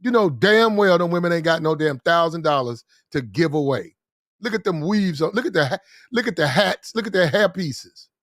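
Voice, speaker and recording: A man hosting a commentary show, ranting bluntly with profanity, repeating lines for emphasis and getting loud and fast when worked up. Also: fairly high pitch, expressive, no echo, clean studio sound. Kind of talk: heated commentary rant.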